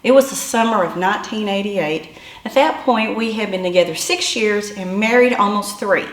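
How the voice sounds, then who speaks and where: A woman in her fifties telling a humorous personal story in an animated, self-deprecating way. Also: medium pitch, moderate pace. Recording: echoey room.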